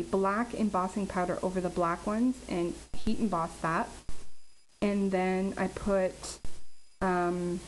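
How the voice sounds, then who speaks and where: A woman talking casually as she shows and explains her handmade paper flowers, pausing often with ums. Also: medium pitch, darkish tone, slight background noise, poor audio. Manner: chatty, halting with many ums. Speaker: craft vlogger. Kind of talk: casual craft tutorial.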